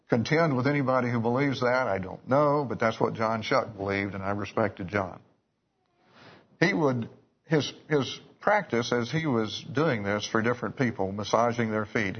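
A man's voice: lowish voice, husky. A man preaching a sermon, telling stories in a folksy way with restarts and asides. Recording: dull lo-fi recording.

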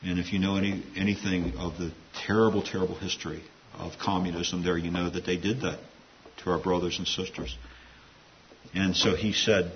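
A man's voice: low-pitched, level tone, moderate pace. A man preaching a sermon in a conversational, digressive way, with asides. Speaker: pastor. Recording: dull lo-fi sound with faint hiss.

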